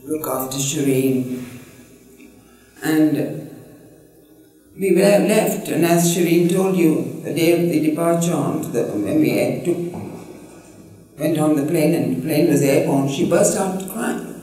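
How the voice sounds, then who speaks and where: Brief: older Indian-born woman telling stories, mellow tone, mic far off in an echoey room. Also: low-pitched, soft background music. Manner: rambling, halting storyteller with many fillers. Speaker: interviewee. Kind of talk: personal reminiscence. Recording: roomy, distant mic.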